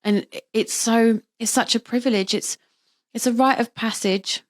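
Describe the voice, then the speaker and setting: Lively woman explaining with vivid examples. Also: a little high, moderate pace. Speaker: birth practitioner, guest. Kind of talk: casual interview talk.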